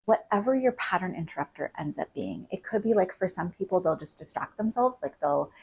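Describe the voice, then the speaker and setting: A woman's voice: on the low side, animated, fairly quick, vocal fry, a little mellow, slightly rough, rough recording. A woman couples therapist explaining things in a casual, conversational way, often tagging on "right?". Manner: conversational, many "like" and "right?" asides. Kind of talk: casual advice talk to camera.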